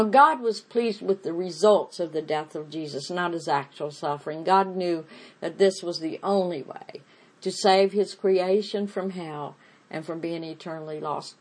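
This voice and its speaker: A woman teaching a Bible study, reading scripture aloud and then explaining it in plain, unhurried words. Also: lowish voice, low-quality recording.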